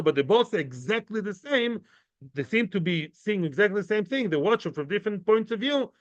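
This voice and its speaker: Male Talmud teacher, lively and chatty, high-pitched, dry slightly muffled sound. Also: dry recording. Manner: animated, chatty, mixes English with Hebrew and Yiddish terms. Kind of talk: informal Talmud class.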